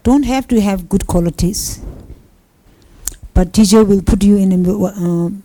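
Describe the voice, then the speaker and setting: In this low-quality recording, a woman's mellow, mid-range voice moves a little slowly. Delivering a Buddhist teaching talk, she tells personal stories in simple, non-native English and performs the lines of dialogue she quotes.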